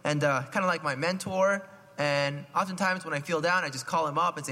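Bright-voiced man preaching in a reverberant church. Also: fairly high pitch, a little fast. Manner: chatty, asks the listeners questions, frequent "right?"; clears throat and coughs often. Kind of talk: conversational homily. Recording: long hall reverb.

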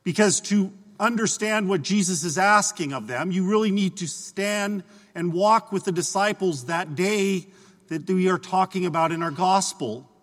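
A high-pitched man gives a sermon as a priest in a church, his voice ringing with a long reverb. He preaches conversationally, telling a story and speaking people's imagined thoughts aloud. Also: normal speed.

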